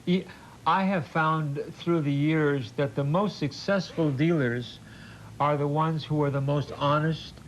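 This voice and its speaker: An older male TV host doing an in-studio sales pitch, halting and repeating words, with a jokey folksy manner. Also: steady tone. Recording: muffled old TV broadcast with faint hiss.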